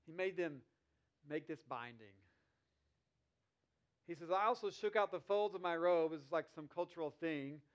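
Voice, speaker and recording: A man with a notably high voice delivers a sermon. He reads scripture passages slowly and deliberately, then breaks them down in a relaxed, conversational manner. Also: dull audio. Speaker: pastor.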